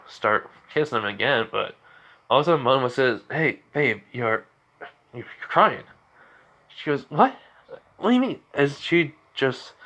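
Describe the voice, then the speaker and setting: A man's voice: medium pitch, sharp tone. A man casually retelling a fan story, rambling with constant fillers.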